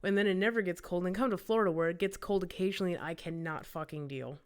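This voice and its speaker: A woman's voice: fairly low pitch, quick pace, smooth. A woman from Wisconsin co-hosting a podcast, chatting casually in a blunt, self-mocking way with some swearing. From Wisconsin, United States. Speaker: podcast co-host. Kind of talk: casual chat.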